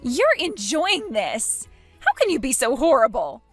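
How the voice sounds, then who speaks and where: A shrill, entitled young woman, put on by a female narrator, her voice climbing high and swinging wildly as she protests. Each line comes out whiny and outraged. Soft music plays faintly underneath. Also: very animated, a little slow, breathy edge, no echo, exaggerated voice.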